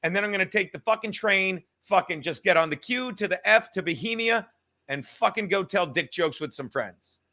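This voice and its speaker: A young man hosting a livestream, talking in a profane, rambling, animated way. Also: high voice, moderate pace. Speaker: livestream host. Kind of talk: casual livestream rant.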